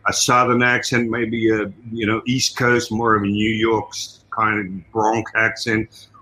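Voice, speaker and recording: Bright-voiced Australian man, animated guest. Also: lowish voice, measured pace, poor audio. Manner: animated storytelling with many "you know" asides. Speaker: guest, martial arts trainer and fight coordinator. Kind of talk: casual interview talk.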